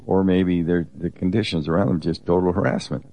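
Deep, mellow-voiced man exhorting earnestly. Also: fairly quick, vocal fry. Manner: earnest, exhorting, with repeated restarts. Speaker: co-host of a Christian teaching program. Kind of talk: conversational Bible teaching.

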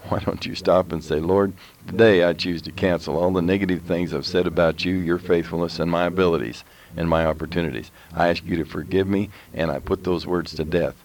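A man with a very low voice, preaching as co-host of a faith program. He speaks straight to his listeners and urges them on in a firm, exhorting way. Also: steady tone, fairly quick, few pauses, a little mellow. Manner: exhorting, direct address to listeners. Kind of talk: preaching on a talk show.

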